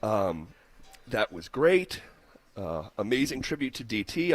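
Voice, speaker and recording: A man's voice: lowish voice, very animated, measured pace. A male sports radio host in a studio, talking casually and reading listener messages aloud in a heartfelt way. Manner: heartfelt, reads listener texts aloud with fillers. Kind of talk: sports talk radio chat. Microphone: studio microphone.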